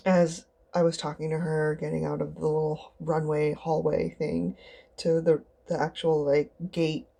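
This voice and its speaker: Young female vlogger, gravelly low voice, rambling chatty delivery with squealed impressions. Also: level tone, measured pace, mellow. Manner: chatty, rambling, acts out others in high squeals. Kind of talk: casual storytelling vlog.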